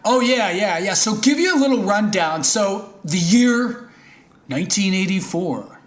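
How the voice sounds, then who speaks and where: A man's voice: sits high, expressive, unhurried. Male podcast host, casual and hesitant, recorded with room echo. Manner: loose, hesitant, joking. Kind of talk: casual chat.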